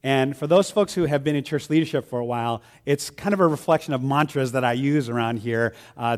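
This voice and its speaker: A man who leads a church, talking casually to his congregation and telling little stories with quoted voices. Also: a little mellow. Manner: chatty storyteller, acts out quoted voices with a high pitch. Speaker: church leader. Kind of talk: informal church announcement talk.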